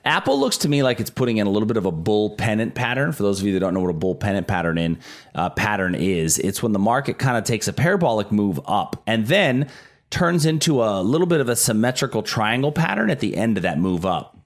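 A man's voice: lowish voice, expressive, fast talker. A middle-aged man co-hosting a casual talk show, explaining stock market trends with frequent restarts. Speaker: market analyst co-host.

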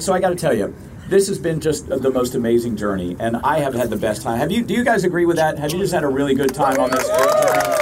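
A man hosting a live radio segment on an outdoor deck, his voice somewhat higher than usual. He is chatty and upbeat, reading out callers and joking with his co-host. Faint outdoor ambience runs underneath. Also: background noise. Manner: upbeat, chatty, laughs along. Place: outdoors on a river cruise ship deck.

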